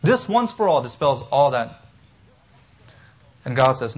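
A man preaching an expository sermon as pastor, emphatic and animated, with humorous asides. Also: medium pitch, a little slow, lo-fi sound.

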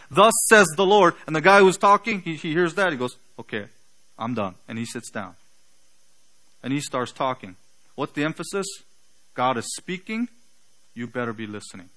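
A man preaching a sermon, building to loud emphatic peaks and trailing off quietly at the ends of phrases. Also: fairly high pitch, low-quality recording.

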